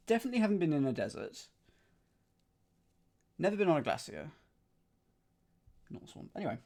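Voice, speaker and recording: A man's voice: a little high, big pitch swings, a little fast, creaky, darkish tone. A man streaming as he solves a crossword, thinking aloud, questioning himself and chatting with his live chat. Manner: muses and questions himself aloud, with frequent fillers and self-corrections.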